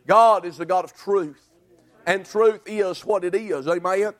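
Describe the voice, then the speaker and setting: A man preaching a revival sermon, full of "uh" and "amen" fillers, rising to shouts and dropping to low, quiet passages. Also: a little slow.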